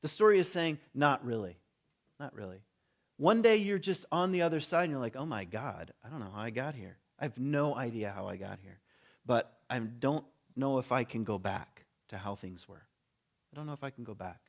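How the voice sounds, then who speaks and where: A man's voice: mid-range voice, animated, normal speed. A man preaching a sermon in a conversational way, acting out the voices of the people in his story and dropping his voice for asides. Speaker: pastor.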